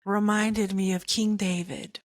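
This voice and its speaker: Middle-aged woman, podcast host, slow and casual storyteller with bursts of high-pitched excitement, dry close sound. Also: no echo. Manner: animated, jumps high in pitch for quoted excitement.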